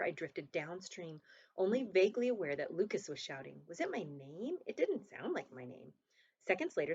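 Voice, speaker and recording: A woman reads a novel chapter aloud in the first person, her voice sitting low for a woman. She tells the story in a steady, earnest way. The recording sounds dull and lo-fi. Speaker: audiobook narrator.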